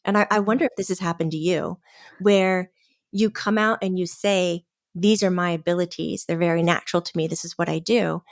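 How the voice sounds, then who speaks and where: A middle-aged woman on a podcast, telling a story with lots of laughter and little acted-out quotes. Her voice sits a bit low for a woman, and the sound is close and dry with no room echo. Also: fairly even intonation, a little fast. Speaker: podcast guest, medium. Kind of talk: casual storytelling chat.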